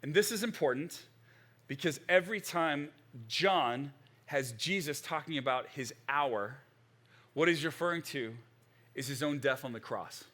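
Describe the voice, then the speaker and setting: A middle-aged male pastor preaching a sermon in a conversational, animated way, with frequent restarts. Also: fairly high pitch, unhurried.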